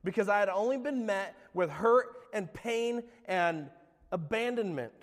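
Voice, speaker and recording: Male pastor, middle-aged, high voice; confessional sermon testimony, loud to hushed, church-hall reverb. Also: animated, a little slow. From California. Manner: earnest, confessional, swings between loud and hushed. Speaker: guest speaker, former youth pastor.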